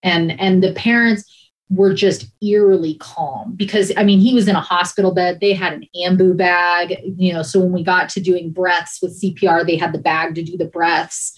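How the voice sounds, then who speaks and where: A woman and former emergency dispatcher recounting hard calls in a halting, emotional way, with many restarts and pauses. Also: fairly low pitch, fairly even intonation, low-quality recording. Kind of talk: personal account in a conversation.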